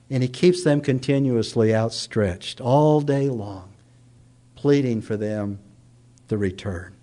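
A middle-aged man preaching a sermon, rising to loud declaiming and dropping to hushed tones. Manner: dramatic, swings from loud raised declaiming to hushed low tones.

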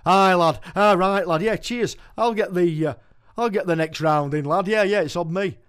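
A man voicing a chatty, boastful old man at a pub bar, loud and friendly. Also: high voice, moderate pace, clean tone, pitched above the performer's own voice. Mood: matey. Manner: loud, friendly, repeating "lad".

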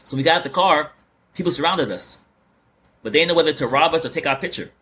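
A man hosting a casual podcast chat, joking and animated, repeating words with lots of fillers. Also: on the high side, fast, a little hiss or hum. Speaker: host.

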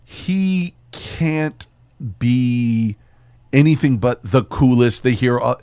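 A man's voice: medium pitch, lively intonation, slow, dark tone, clean tone, no echo. A man co-hosting a podcast, joking and swearing as he riffs with a friend. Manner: profane, jokey, riffs into silly voices. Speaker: podcast co-host. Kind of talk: casual chat.

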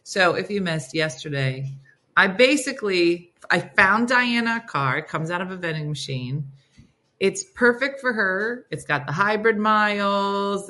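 A woman hosting a morning radio show, chatting casually and reading listener replies aloud in quick lists. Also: mid-range voice, pushed and bright. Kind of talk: casual chat.

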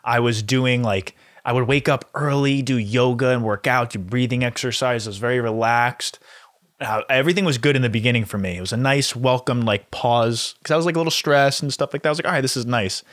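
A man's voice: medium pitch, a little fast, fairly bright tone, no room sound, studio quality. Laid-back young man telling stories. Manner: laid-back storyteller, laughs often. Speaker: podcast co-host. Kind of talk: casual chat.

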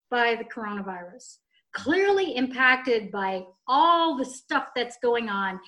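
A woman telling a story in casual chat, snarky and animated, swearing freely. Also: fairly high pitch, a little slow.

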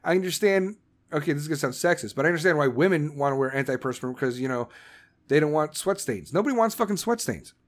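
A man hosting a podcast, ranting angrily and swearing constantly, with shouted bursts, then reading sponsor ads in the same blunt, profane way. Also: fairly high pitch, lively intonation, quick pace. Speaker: podcast host. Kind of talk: profane political rant and ad read.

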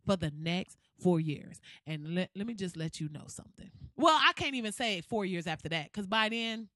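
A woman hosting a podcast who rants in a blunt, profane, sarcastic and animated way. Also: fairly low pitch, normal speed, dry recording, clean studio sound. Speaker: podcast host. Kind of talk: podcast rant.

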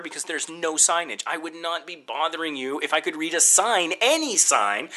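Animated, exasperated man telling a story. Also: a little high. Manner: exasperated, animated, quotes himself and others. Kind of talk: casual storytelling rant.

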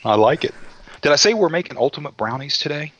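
A man's voice: on the high side, lively intonation, quick pace, a bit bright, dull audio. A man hosting a cooking show, chatting in a folksy, joking way. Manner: folksy, joking, says y'all a lot. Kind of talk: casual chat.

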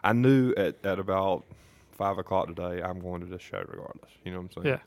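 A man's voice: deep voice, a little fast, no room sound. A man co-hosting a casual podcast, telling a heated, profanity-heavy story. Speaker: podcast co-host.

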